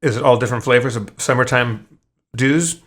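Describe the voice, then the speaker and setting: A man co-hosting a podcast, telling stories in casual chat, profane and animated, stumbling over his restarts. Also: mid-range voice, brisk. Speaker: podcast co-host.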